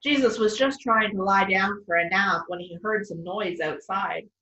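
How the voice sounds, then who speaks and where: A woman's voice: medium pitch, moderate pace, sharp tone. Friendly female storyteller reading aloud; distant, echoey, muffled recording. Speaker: children's storyteller. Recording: distant, roomy, dull sound.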